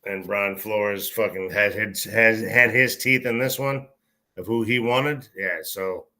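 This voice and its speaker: A man's voice: fairly low pitch, measured pace, bright, forceful tone. A man co-hosting a podcast, blunt and heavy with swearing in a casual chat over beers. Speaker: podcast co-host.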